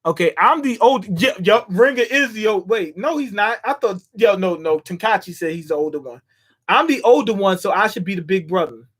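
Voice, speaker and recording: High-voiced man reacting to a manga. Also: lively intonation, fairly bright tone, slightly rough. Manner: reads panels aloud, reacting with quick asides. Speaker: manga reader and commentator. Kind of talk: casual read-through with commentary.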